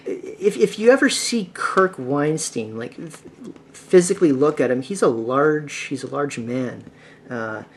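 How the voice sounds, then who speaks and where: A man's voice: fairly high pitch, animated, measured pace, slight background noise. A man hosting a casual music podcast, rambling with lots of filler words and restarts. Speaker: podcast host. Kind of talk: casual solo podcast talk.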